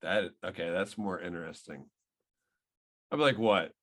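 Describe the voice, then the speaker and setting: A man's voice: deep voice, animated, normal speed, a bit bright. A man in his thirties co-hosting a podcast, chatting loosely about a movie with lots of swearing and restarts. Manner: swears a lot, rambling. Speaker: podcast co-host. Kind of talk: casual movie review chat.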